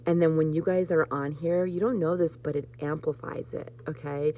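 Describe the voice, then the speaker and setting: Brief: woman host, low voice, soft spiritual card reading, heartfelt. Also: steady tone, moderate pace. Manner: warm, emotional, choked up with laughter at times. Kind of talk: live card reading for viewers.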